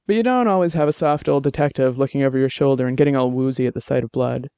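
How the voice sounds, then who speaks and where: A world-weary detective, wry and casual, as a man reads him, speaking in a smooth, resonant voice. Close, dry audiobook sound. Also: medium pitch, fast talker, dark tone, no room sound, natural voice.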